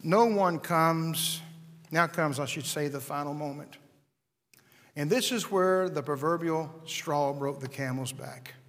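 A man preaching a sermon, dramatic, dropping to a hush and then rising to a shout as he acts out the voices of the people in his story. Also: a little high. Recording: long hall reverb.

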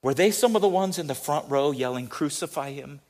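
A male pastor giving a sermon, telling stories animatedly and swinging from loud passages to hushed ones. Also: on the high side, lively intonation, fast.

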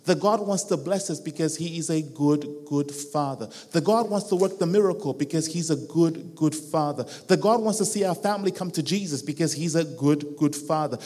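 Guest preacher, man, higher voice, rhythmic repeated phrases, church hall reverb. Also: normal speed, few pauses, warm tone. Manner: rhythmic repetition, acts out quoted voices. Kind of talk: sermon. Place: church hall with a live band.

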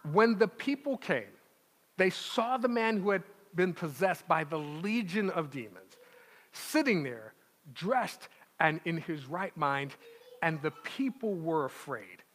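A man with a high, bright, forceful voice preaches a sermon, emphatic and punchy, tossing out rhetorical "right?" checks and slowing down to lean on key words. His voice rings out with the long reverb of a large hall. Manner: emphatic, rhetorical "right?" asides, slows for stress. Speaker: pastor.

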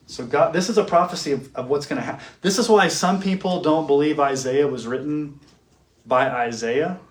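A man giving a classroom theology lecture. He asks questions, answers them himself, and slows down to stress key words. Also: medium pitch. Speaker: teacher. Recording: echoey room.

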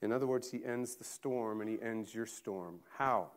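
A man preaching a sermon in a deliberate, emphatic way, with long pauses between phrases. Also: on the low side.

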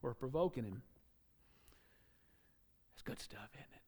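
A man preaching a sermon, animated, acting out quotes and joking with the congregation. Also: mid-range voice, measured pace, slightly rough, big-room sound.

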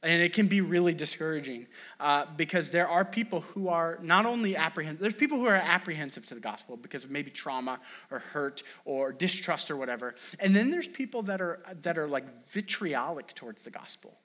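Youngish guy preaching, chatty and storytelling, voice sits kinda high. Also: a little fast, sharp tone. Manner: conversational, storytelling with acted quotes and restarts. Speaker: pastor. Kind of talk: sermon.

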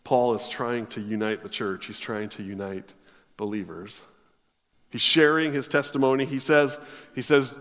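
A man preaching a sermon, reading scripture aloud and then expounding on it with emphatic, drawn-out stresses. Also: medium pitch, fairly bright tone, big-room sound.

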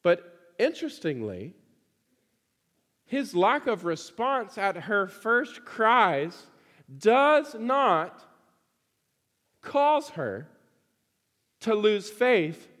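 A man's voice: sits high, sing-song, very slow, pauses often, a bit bright, in a large hall. A man preaching a sermon to his congregation, emphatic and fond of repeating phrases for stress.

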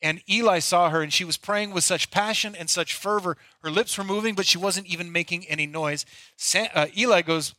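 A man's voice: sits high, brisk, sharp tone, no echo. A middle-aged male pastor delivering a conversational, storytelling sermon.

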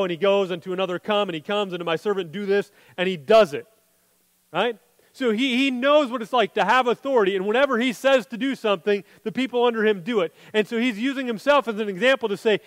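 Male pastor, high voice, earnest sermon delivery, long reverb tail. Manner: earnest preaching, drops to a hushed voice when quoting scripture.

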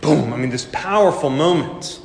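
Male preacher, slightly higher voice, emphatic, repeats phrases, long church-hall reverb. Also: lively intonation, normal speed, vocal fry. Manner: emphatic, repeats key phrases, rhetorical questions. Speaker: pastor. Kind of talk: sermon.

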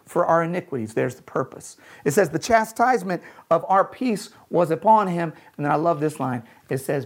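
A man's voice: fairly high pitch, animated. Earnest male pastor preaching a sermon. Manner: earnest preaching, slows and drops soft on key lines.

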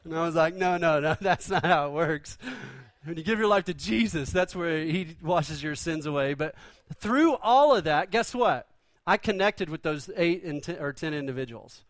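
Guy preaching, high voice, chatty and jokey, dry close sound. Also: expressive, moderate pace, no echo. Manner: conversational storytelling with humor. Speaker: pastor. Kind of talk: sermon.

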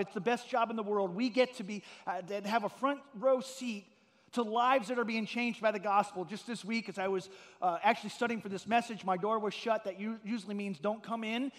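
High-voiced pastor preaching in a reverberant hall. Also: male voice. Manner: earnest storytelling, rising to loud emphatic peaks. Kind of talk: sermon.

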